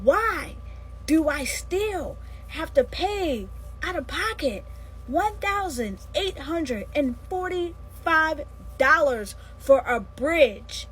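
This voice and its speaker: Brief: woman, high voice, exasperated vlog rant. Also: big pitch swings, takes it slowly, a bit bright, poor audio. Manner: irritated, exasperated complaining.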